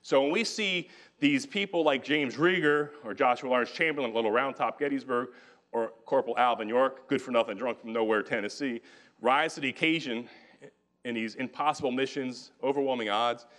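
A man lecturing on history in a hall, his voice bright and forceful. He tells the story with energy and briefly acts out the people he quotes. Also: medium pitch, a little fast.

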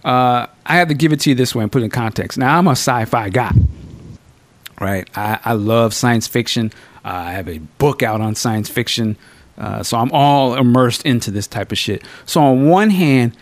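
A man hosting a podcast, reviewing a film in casual, slangy, profane chat with animated storytelling. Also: mid-range voice, no echo. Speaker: podcast host.

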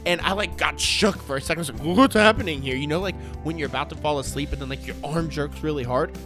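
A man's voice: fairly high pitch, fairly even intonation, fast talker, over music. A man hosting his own podcast in rambling, joking casual chat, dropping "like" constantly. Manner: rambling and joking, heavy use of "like". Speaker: podcast host.

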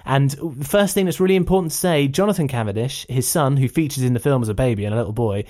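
A man's voice: mid-range voice, quick pace, a little mellow. A man hosting a film review podcast, talking in an enthusiastic, persuasive, rambling way. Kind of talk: casual film review chat.

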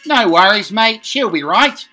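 A man putting on an exaggerated, hearty Australian bloke voice for slang phrases, loud and high with a drawn-out twang. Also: animated, faint music behind, full character voice.

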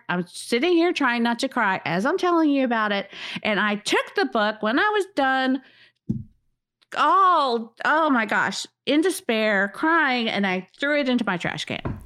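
A woman co-hosting a casual book chat, animated and dramatic, often exclaiming. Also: a little high, moderate pace. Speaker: co-host.

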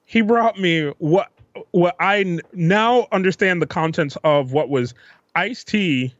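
A man's voice: high-pitched, takes it slowly, dry recording, lo-fi sound. A man co-hosting a podcast, rambling through a profane, laid-back story in casual chat. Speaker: podcast co-host.

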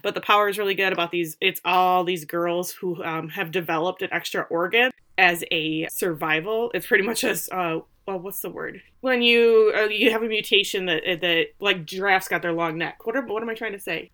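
A woman's voice: fairly low pitch, normal speed, few pauses, a bit bright. A woman co-hosting a podcast in casual chat, rambling and searching for words as she goes. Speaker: podcast co-host.

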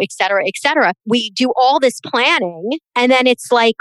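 A woman's voice: a little high, lively intonation, a bit bright, clear, resonant tone, no room sound. A middle-aged woman co-hosting a podcast, chatting in a reflective, rambling way. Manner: chatty, reflective, drawn-out asides. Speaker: podcast co-host. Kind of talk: casual chat.

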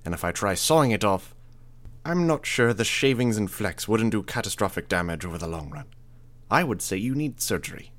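A man's voice: lowish voice, very animated, a little fast, fairly bright tone. A man voicing a clinical male medic with a hard-to-place accent who puts hard emphasis on syllables. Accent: hard-to-place foreign accent.

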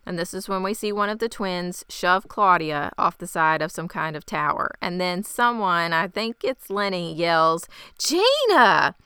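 A woman's voice: lowish voice, normal speed, few pauses, bright, forceful tone, clean tone, dry recording, clean studio sound. A woman hosting a podcast, casually recapping an episode from her notes in a chatty, wry way. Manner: chatty and wry, laughs easily. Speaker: podcast host.

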